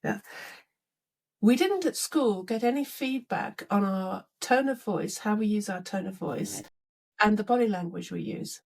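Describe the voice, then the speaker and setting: Speaking unhurriedly in a mid-range voice with vocal fry, a middle-aged woman leadership coach is interviewed on a podcast. She tells stories with animation, playing out both sides of each conversation.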